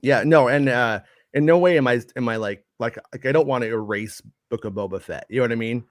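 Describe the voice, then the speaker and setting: A man's voice: mid-range voice, fairly quick, no room sound, studio quality. A man co-hosting a casual podcast, reading viewer comments and answering in a loose, swearing, filler-heavy way. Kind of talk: casual chat.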